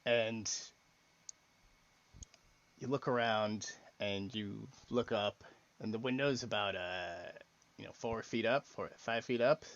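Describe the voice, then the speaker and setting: A man running a tabletop game as game master, talking haltingly with many fillers and restarts. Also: fairly low pitch, muffled recording.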